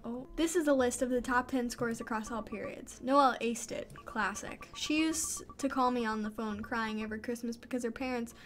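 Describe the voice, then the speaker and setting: A woman reading visual novel dialogue aloud in an expressive playthrough, reacting with exclamations. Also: on the high side, moderate pace, few pauses, slight background noise. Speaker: gamer playing a visual novel.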